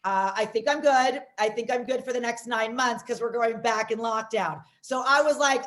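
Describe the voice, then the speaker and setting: A woman from Las Vegas hosting a comedy show, doing loud, rambling, self-mocking stand-up. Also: a little high, moderate pace, hardly any pauses.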